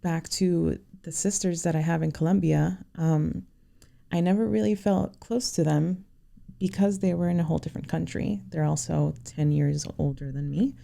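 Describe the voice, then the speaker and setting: Woman guest on a podcast telling her story, super creaky low voice, kinda halting, lots of you knows. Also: fairly even intonation, warm tone. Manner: sincere, halting, many "you know" fillers. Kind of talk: personal storytelling.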